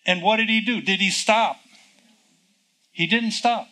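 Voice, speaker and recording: A man's voice: high-pitched, a little slow, pushed and bright, poor audio. A man preaching a sermon, teaching from the Bible in a conversational way, reading verses aloud and asking rhetorical questions.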